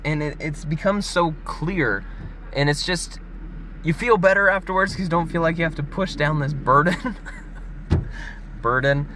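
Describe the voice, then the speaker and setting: A young man talking casually to camera in a vlog, chatty and animated, laughing often. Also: a little high, a little hiss or hum. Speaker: vlogger. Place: gym parking area.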